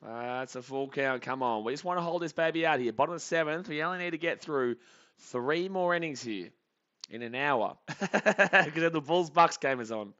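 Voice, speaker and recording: Excitable guy calling a live baseball stream. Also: mid-range voice, clean tone, highs cut off. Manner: casual chatty commentary, reads chat aloud, excitable.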